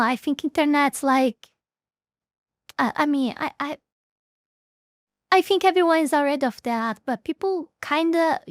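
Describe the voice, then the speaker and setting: High-voiced woman reacting, halting and dry. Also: no echo. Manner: halting, restarts often, laughs at herself. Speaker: reaction streamer. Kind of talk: casual reaction commentary.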